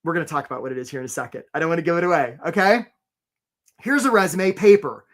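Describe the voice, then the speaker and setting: A man's voice: fairly high pitch, expressive, fast talker. A man hosting a live career webinar, talking energetically and conversationally and often checking in with "right?".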